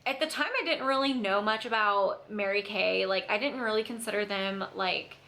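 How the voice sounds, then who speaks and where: Bright-voiced young woman telling a story. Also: mid-range voice, normal speed, a little hiss or hum. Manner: chatty, filler-heavy, lots of "like". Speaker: vlogger. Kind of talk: storytime vlog.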